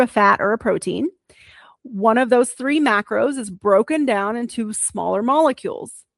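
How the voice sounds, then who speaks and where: Gravelly-voiced woman explaining science. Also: a little high, no echo, studio quality. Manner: explains science plainly, with casual asides. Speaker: podcast host. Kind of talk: educational solo talk.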